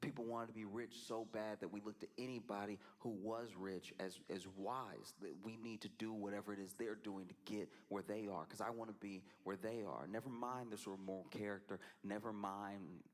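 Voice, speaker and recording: A man chatting casually on a live stream, talking in an animated way with frequent laughs and playful voices for the people he quotes. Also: fairly low pitch, moderate pace, few pauses.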